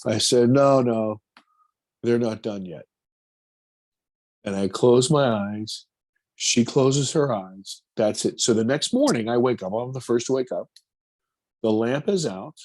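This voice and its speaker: A man, a film producer, telling a personal story in an interview, animated and acting out his own quotes. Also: mid-range voice, breathy edge.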